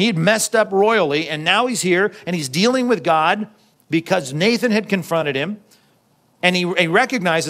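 A man preaching a sermon, talking to the congregation in a relaxed, conversational way. His voice sits a little on the high side for a man. He acts out the quotes he reads and drops in jokey asides. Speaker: pastor.

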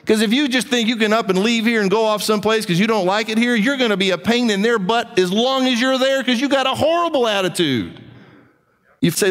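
Emphatic high-voiced man preaching. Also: fairly quick, big-room sound. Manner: emphatic preaching, shifting from soft asides to raised urgency. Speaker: pastor. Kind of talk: sermon.

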